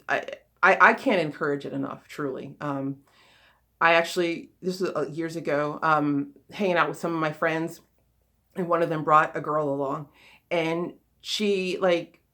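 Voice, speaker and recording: A woman with a fairly low voice talks casually as a spiritual coach. She rambles, with many fillers and restarts. Her tone is earnest and encouraging. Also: fairly bright tone. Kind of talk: casual spoken talk.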